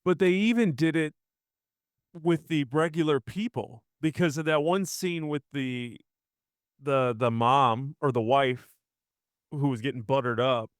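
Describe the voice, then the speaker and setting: A man's voice: medium pitch, measured pace, no echo. A man with a mid-range voice walks through film scenes step by step. He acts out his own reactions as he goes. The sound is dry and close. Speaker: podcast co-host reviewing a film. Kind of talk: casual chat.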